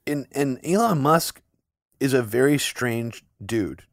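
A man's voice: mid-range voice, expressive, takes it slowly, no room sound, studio quality. A man co-hosting a political podcast, talking at length with a sarcastic edge in long, run-on sentences. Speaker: podcast co-host. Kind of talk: casual political podcast chat.

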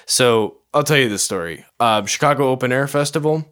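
A young man co-hosting a podcast, rambling and excitable in casual chat, swearing often. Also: mid-range voice, brisk, smooth. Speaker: podcast co-host.

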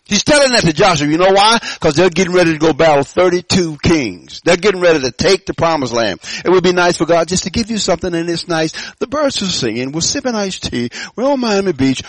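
A man preaching a sermon to a church, swinging between loud rising calls and quiet low asides, with frequent stammering restarts. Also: animated, a little fast, hardly any pauses, dry recording. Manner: preaching with sudden loud rises and soft drops. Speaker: pastor.

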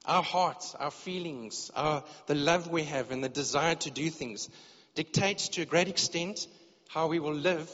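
An earnest male preacher delivers a sermon to his congregation, sometimes stumbling over and repeating words as he feels his way forward. His voice sits a little high for a man. The recording is dull and lo-fi, with a long reverb trailing off the walls of the church hall. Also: a little slow, fairly bright tone. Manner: earnest, repeats words when searching for phrasing.

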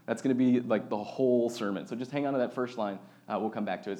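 Young guy preaching, laid back and chatty, uses lots of fillers, middle pitch. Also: fast, few pauses, mellow. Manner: casual and conversational, with filler words. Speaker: pastor. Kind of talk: sermon.

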